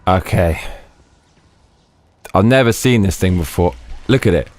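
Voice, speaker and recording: A man streaming a video game, talking excitedly, swearing a lot and restarting his sentences. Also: low-pitched, a little slow, dry recording. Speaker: gaming streamer. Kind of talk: let's play commentary.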